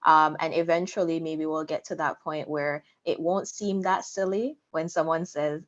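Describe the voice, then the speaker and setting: A woman's voice: low voice, fairly even intonation, moderate pace, hardly any pauses, lo-fi sound. A woman talking thoughtfully and conciliatorily in an interview. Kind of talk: interview talk.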